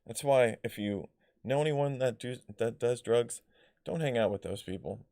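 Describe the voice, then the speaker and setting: A man's voice: medium pitch, moderate pace, dark tone, no echo, clean studio sound. A man vlogging personal stories in a casual, rambling way, full of fillers, restarts and blunt swearing. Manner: rambling, filler-heavy, loses his thread.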